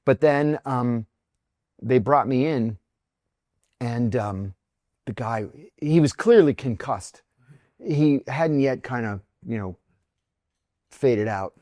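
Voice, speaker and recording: Middle-aged guest, storyteller, mid pitch, dry close mic, animated quoted voices. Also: male voice, takes it slowly, long pauses, no echo. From near Pittsburgh, United States. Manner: vivid anecdotes, acts out quoted voices. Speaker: podcast guest, former intelligence officer. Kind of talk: candid storytelling in conversation.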